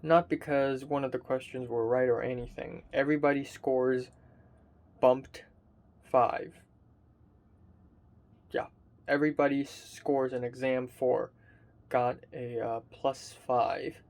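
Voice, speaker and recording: A sleepy, tired young man, a college student, rambling in a halting casual video diary with frequent fillers and swearing, filmed by himself in his bedroom. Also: mid-range voice, steady tone, darkish tone. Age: young adult. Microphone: self-filmed camera.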